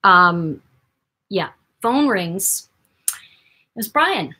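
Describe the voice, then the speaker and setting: A woman hosting her own channel, telling a personal story to camera in an animated way, jumping between loud bursts and near-whispers. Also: medium pitch, very slow, breathy edge. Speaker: host.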